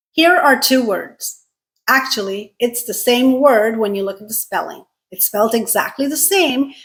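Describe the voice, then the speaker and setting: Clear, emphatic woman teaching English. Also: on the high side, low-quality recording. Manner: clear, emphatic, deliberate enunciation. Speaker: English teacher and channel host. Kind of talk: scripted video lesson.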